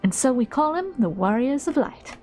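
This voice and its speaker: A woman's voice: sits high, very animated, normal speed, mellow, faint music behind, pitched above the performer's own voice. Momodi, a woman voicing a drawling innkeeper. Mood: encouraging. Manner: slight put-on southern drawl. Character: shrewd middle-aged female guild innkeeper. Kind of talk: reading game dialogue aloud in character.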